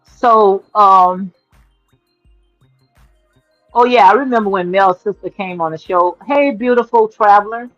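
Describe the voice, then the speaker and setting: A woman's voice: medium pitch, slow pace, pauses often, fairly bright tone, no echo, highs cut off, soft background music. A woman hosting a casual livestream on her phone, talking in a sassy, emphatic way, repeating her points and calling listeners "honey.". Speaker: livestream commentary host.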